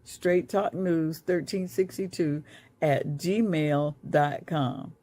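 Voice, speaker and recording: A woman's voice: low-pitched, slow pace, dark tone. A woman reading community event announcements in a cheerful, giggly way.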